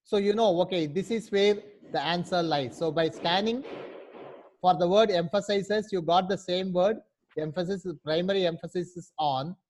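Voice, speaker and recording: A man's voice: sits high, darkish tone. A man, teaching a class. He explains patiently and step by step. He keeps checking in with his students by asking "right?". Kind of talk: online class instruction.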